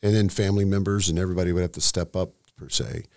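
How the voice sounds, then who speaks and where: Low, gravelly-voiced man telling a story. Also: fairly even intonation, dark tone, no echo, clean studio sound. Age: middle-aged. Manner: emotional, halting, many restarts. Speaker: estate planning seminar host, guest. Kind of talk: candid storytelling in conversation.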